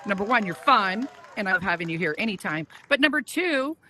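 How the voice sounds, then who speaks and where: A woman hosting a casual talk show, chatty and quick to laugh. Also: medium pitch, lively intonation, sharp tone, a little hiss or hum. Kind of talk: casual chat.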